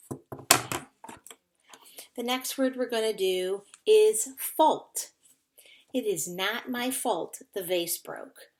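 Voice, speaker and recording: A woman with a medium-pitched voice teaches a recorded phonics lesson to children at a whiteboard indoors, patiently sounding words out and spelling them. There's slight background noise.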